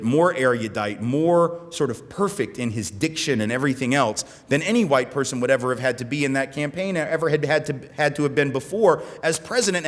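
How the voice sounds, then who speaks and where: An American man giving a conference keynote, animated and gesturing, often checking in with "right?". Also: fairly high pitch. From United States. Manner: animated, talks with his hands, keeps asking "right?". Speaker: keynote speaker. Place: conference hall in front of an audience. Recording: long reverb of a conference hall.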